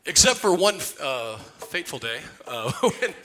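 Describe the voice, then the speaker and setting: A man's voice: on the high side, a little slow, slight background noise. A man preaching, telling a funny family story in a loose, conversational way. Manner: conversational, jokey, animated. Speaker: pastor. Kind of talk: humorous sermon storytelling. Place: church sanctuary.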